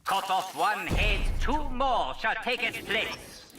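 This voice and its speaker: An actor voicing a menacing villain line in a game, slow and theatrical. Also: male voice, high voice, animated, pushed and bright, husky, full character voice.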